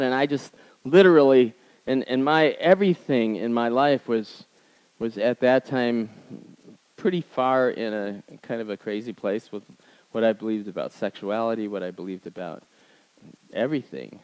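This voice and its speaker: A male pastor delivering a sermon, telling stories in a conversational way and swinging between emphatic raised passages and quiet, low asides. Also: rough recording.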